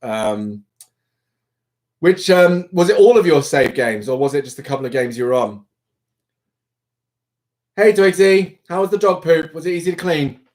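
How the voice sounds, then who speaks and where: A young man hosting a livestream, chatting casually with viewers in an animated, rambling way. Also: on the high side, moderate pace, pauses often. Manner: chatty, animated, self-interrupting. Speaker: livestream host. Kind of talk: casual live chat with viewers.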